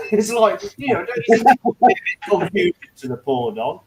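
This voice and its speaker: A British man with a high-pitched voice spins a comic anecdote in loose, animated chat among friends. He jokes freely and plays with his lines. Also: moderate pace, crowd noise, low-quality recording. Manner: animated joking storyteller. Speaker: hangout participant. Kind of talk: casual chat.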